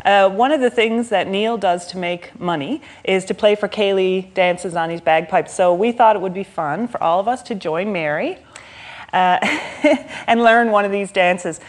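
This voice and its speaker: Hesitant woman interviewer onstage. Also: mid-range voice. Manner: hesitant, halting questions. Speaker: interviewer, artistic director. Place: theatre stage before an audience.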